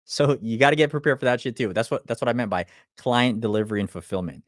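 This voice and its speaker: A man's voice: mid-range voice, expressive, quick pace, few pauses, no echo, studio quality. A young man, an online business coach, talking bluntly and with plenty of profanity on a casual livestream. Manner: blunt, profane, acts out clients' lines.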